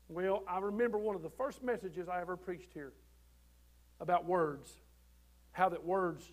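A man preaching a sermon from the pulpit, folksy and conversational, growing loud when he quotes scripture. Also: sits high, moderate pace. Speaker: pastor. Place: church.

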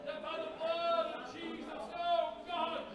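A man's voice: extremely high pitch, completely flat delivery, takes it slowly, roomy sound, recorded from a distance, highs cut off, loud music behind the voice, a loud crowd. A man, a pastor, leading an impassioned, pleading prayer in a church. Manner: impassioned, pleading, crying out to God. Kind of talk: fervent spoken prayer in church. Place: church sanctuary.

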